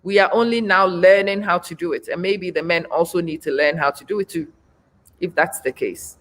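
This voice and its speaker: A woman's voice: on the low side, moderate pace. A woman in her forties hosting a live stream, speaking bluntly and emphatically, repeating her points for effect. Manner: blunt, frank. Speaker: host. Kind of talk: live-stream talk, reading viewer comments.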